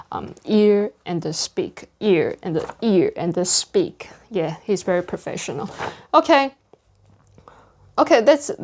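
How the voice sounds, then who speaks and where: Slow, deliberate woman practicing pronunciation. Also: mid-range voice, darkish tone. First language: non-native English speaker. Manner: speaks slowly and deliberately, over-articulating word endings. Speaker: pronunciation learner sharing lessons. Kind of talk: casual on-camera pronunciation practice. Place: indoor room with a whiteboard. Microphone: camera close to the face.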